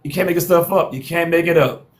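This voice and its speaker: A man's voice: a little high, steady tone, fast talker. A man hosting a live call-in panel show, talking in a slangy, teasing way and repeating lines for effect. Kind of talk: casual live-stream talk.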